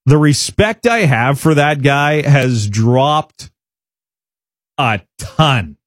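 A man's voice: medium pitch, animated, drawn-out words, no room sound, clean studio sound. Emphatic male sports radio host. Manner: emphatic, indignant, restarts mid-sentence. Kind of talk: opinionated sports talk.

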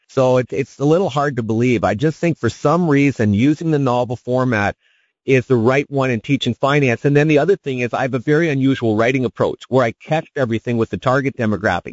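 A man, an author appearing as a radio guest, explains his work with animated enthusiasm. His voice sits at a middle pitch. The sound is dry and dull, like a broadcast. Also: no room sound. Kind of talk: radio interview.

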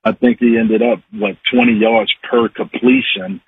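Calling in to a radio program, a man in his 40s chats in a very animated way at normal speed, his medium-pitched voice showing vocal fry. He's a regular guest covering sports and recipes, and his talk is folksy and rambling with plenty of fillers. The phone line sounds tinny, with a faint hiss.

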